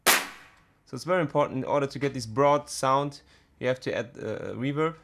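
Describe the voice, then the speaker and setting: A man teaching a music production tutorial, talking in a halting way with many fillers and restarts. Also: medium pitch, vocal fry, a bit bright, slight background noise. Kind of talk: screen-recorded software tutorial.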